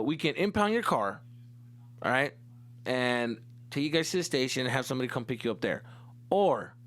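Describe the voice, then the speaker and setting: A man voicing a stern adult police officer who questions in a flat, businesslike way. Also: mid-range voice, lightly acted.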